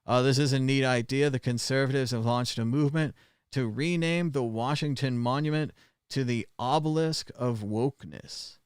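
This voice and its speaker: A man's voice: mid-range voice, normal speed, clean tone, dry recording, clean studio sound. A man hosting a casual news commentary livestream, chatty and sarcastic, with lots of filler sounds. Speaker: show host.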